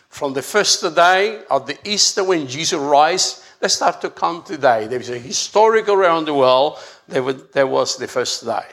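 A man preaching a sermon, halting and often repeating words as he restarts his phrases. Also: fairly high pitch, a bit bright.

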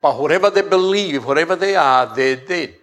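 A man preaching a sermon, halting and often repeating words as he restarts his phrases. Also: fairly high pitch, a bit bright.

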